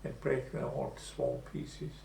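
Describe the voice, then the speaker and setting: A man in his eighties recalling the past in an oral history interview, telling his story slowly and with pauses. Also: mid-range voice, level tone, gravelly, dark tone. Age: 80s. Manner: slow, measured storytelling with pauses. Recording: echoey room with faint hum.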